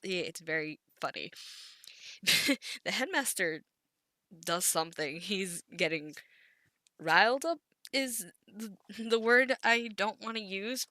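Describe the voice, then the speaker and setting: A woman with a lowish voice that still has a bright, forceful edge, chatting through an episode recap. She rambles, giggles often and stumbles over restarts and stutters. The recording is dry and close. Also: dry recording. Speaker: anime commentary creator. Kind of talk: casual recap commentary.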